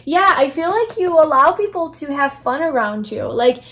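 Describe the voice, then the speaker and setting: A high-voiced young woman with big pitch swings talks at a moderate pace. As a tarot reader doing a casual pick-a-card reading, she rambles, affirms, and restarts often with plenty of fillers, all delivered gently and softly.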